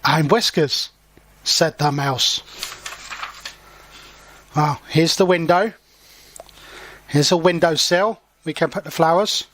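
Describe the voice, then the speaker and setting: A man with a fairly high, slightly bright voice reads a children's story aloud as an English teacher. He goes slowly and clearly, pausing to explain words in simple terms for learners.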